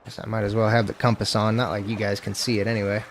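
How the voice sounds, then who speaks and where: A man's voice: on the low side, flat delivery, fast talker, a little hiss or hum. A man streaming a western game, chatting casually in loose, profane, self-mocking talk. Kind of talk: casual gameplay commentary.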